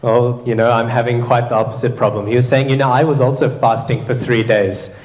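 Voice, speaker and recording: A man's voice: mid-range voice, flat delivery, brisk, a little mellow. Man telling a scripture story, roomy sound. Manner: narrates with quoted voices, frequent "hmm?" and fillers. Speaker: class speaker. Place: temple hall. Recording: roomy echo.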